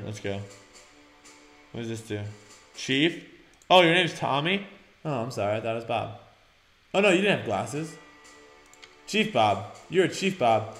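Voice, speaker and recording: A young man hosting a let's-play, reading game prompts aloud and breaking into loud, excited shouts. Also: mid-range voice, normal speed, long pauses. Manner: energetic, bursts into loud shouts, reads on-screen prompts aloud. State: sore mouth after dental work. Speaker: gaming channel host. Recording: roomy home recording with game music behind.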